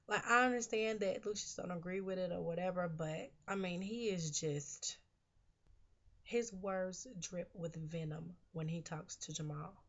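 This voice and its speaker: Chatty woman with a low voice. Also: dull audio. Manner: chatty, opinionated, heavy use of "you know". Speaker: TV episode reviewer. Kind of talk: casual recap and commentary.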